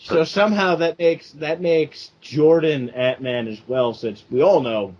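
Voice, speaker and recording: This young man co-hosting a casual podcast rambles through the chat and keeps restarting his sentences. His voice is on the high side with a darkish tone, and he speaks unhurriedly, captured in dull lo-fi audio.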